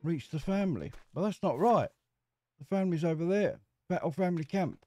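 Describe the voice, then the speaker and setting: A man's voice: on the high side, animated, brisk, darkish tone. Cheeky chatty man gaming. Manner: chatty, cheeky, jokes with game characters. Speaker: gameplay commentator. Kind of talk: casual let's-play commentary.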